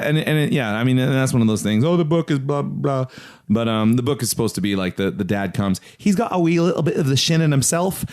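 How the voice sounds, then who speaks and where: Animated joking man. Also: lowish voice. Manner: joking, puts on silly voices. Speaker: co-host of a movie commentary. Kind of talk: casual comedic chat.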